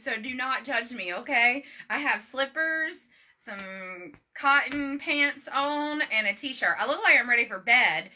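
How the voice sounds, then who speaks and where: Bright, chatty woman hosting a livestream. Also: a little high. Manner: chatty, upbeat and self-deprecating. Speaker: livestream host. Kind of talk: casual live stream chat.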